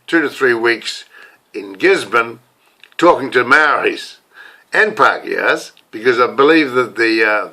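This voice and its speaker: Speaking to camera, this older New Zealand man, a video blogger who calls himself a preacher, wanders through a casual monologue packed with restarts and fillers. His voice has a medium pitch and a sharp edge.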